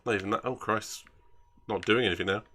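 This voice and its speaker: A man's voice: lowish voice, fairly even intonation, brisk, bright, forceful tone, slight background noise. A man chatting casually while streaming a racing game, rambling and grumbling at himself with self-mocking asides.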